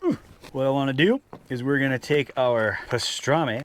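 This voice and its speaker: With lively intonation and a slightly fast pace, a mid-range male voice belongs to an outdoor vlogger at a mountain campsite. He chats casually to the camera and talks to his dogs as he puts out snacks.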